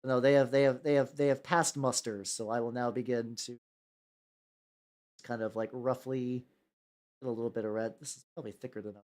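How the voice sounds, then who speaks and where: A man's voice: mid-range voice, steady tone, brisk, long pauses, darkish tone. Rambling young American man painting miniatures. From United States. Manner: rambling, stammers and repeats words, laughs often, jumps between topics. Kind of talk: casual rambling chat while painting.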